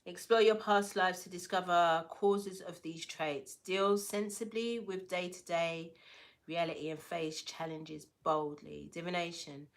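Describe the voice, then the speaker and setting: A woman's voice: fairly low pitch, fairly even intonation, measured pace. A woman giving a casual oracle card reading, playful and affirming, with slangy asides to her viewers. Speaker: tarot and oracle card reader.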